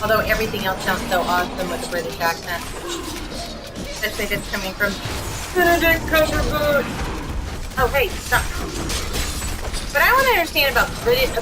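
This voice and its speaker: A woman streaming a game live, chatting excitedly and squealing at wins. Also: a little high. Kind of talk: live gameplay commentary. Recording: game music in the background. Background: music.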